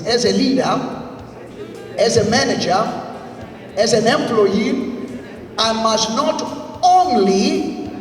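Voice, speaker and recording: A man giving an emphatic motivational leadership talk, leading the audience in repeat-after-me lines. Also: very high-pitched. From South Africa. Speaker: motivational speaker. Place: large congress hall. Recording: echoey hall, voice from far off, faint music.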